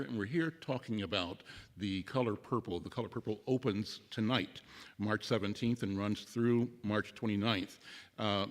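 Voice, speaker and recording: A man hosting a live radio interview from a theater, conversational and affirming. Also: lowish voice. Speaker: radio talk show host. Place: theater venue, live broadcast. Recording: long hall reverb.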